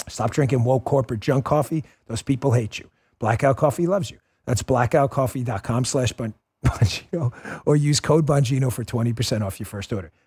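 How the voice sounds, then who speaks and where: A middle-aged man hosting a political talk show, speaking in an animated, emotional, exclamatory way. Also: medium pitch, husky. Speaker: podcast host.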